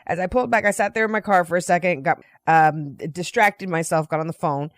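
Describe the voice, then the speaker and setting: A woman's voice: fairly low pitch, fairly quick, no room sound, clean studio sound. Chatty woman telling a casual story. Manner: animated, chatty, frequent "right?" and "you know"; playfully profane. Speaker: vlogger.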